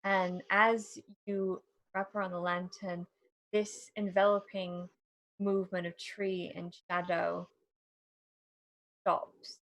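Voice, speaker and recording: A woman narrating a tabletop game in a measured, dramatic way. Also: on the low side, little pitch movement, fairly bright tone, dry recording, poor audio. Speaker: game master.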